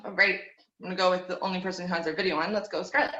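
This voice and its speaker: Relaxed woman teaching voice over video call. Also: lowish voice, very fast. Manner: relaxed, encouraging, demonstrates with hums and slides. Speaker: vocal teacher. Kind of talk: online group voice lesson. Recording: dull, echoey room sound.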